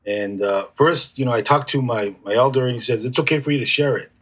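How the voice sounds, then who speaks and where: A man speaking as an interview guest, reflective and halting, with frequent restarts. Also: medium pitch, a bit bright, husky. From United States. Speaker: guest healer. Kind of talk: casual conversational interview.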